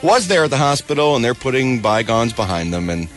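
A man's voice: medium pitch, big pitch swings, a little fast. A man reading entertainment news on a radio morning show, with wry, sarcastic asides. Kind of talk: casual radio news banter. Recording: radio broadcast with faint music bed.

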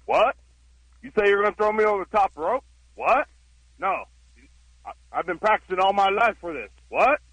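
High-voiced caller doing impressions. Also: male voice, big pitch swings, moderate pace, pauses often, a bit bright, slightly rough, no room sound, rough recording. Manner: playful wrestler impressions.

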